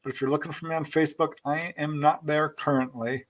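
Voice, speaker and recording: A man's voice: fairly high pitch, fairly even intonation, a little fast. Chatty male podcast host reading chat. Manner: chatty and thankful, laughing between comments. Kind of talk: live-stream show, reading out viewer chat.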